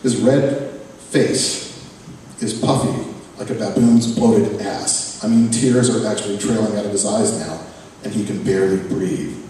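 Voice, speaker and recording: A man reads his own fiction aloud in a sardonic, profane first-person voice with a dark, mellow tone. He is caught from a distance in a big echoey hall, with a faint murmur of room ambience behind him. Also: on the low side, fairly even intonation, unhurried, slight background noise. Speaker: author reading his fiction. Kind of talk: live fiction reading. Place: reading event venue, hall.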